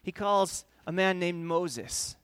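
A man preaching a sermon in an animated, conversational way, with quick asides to the congregation. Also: sits high, clear, resonant tone, dry recording. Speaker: pastor.

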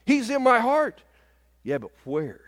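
A man in his fifties preaching a sermon in a church service, animated and often asking the congregation "Amen?". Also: very high voice, measured pace, big-room sound. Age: 50s.

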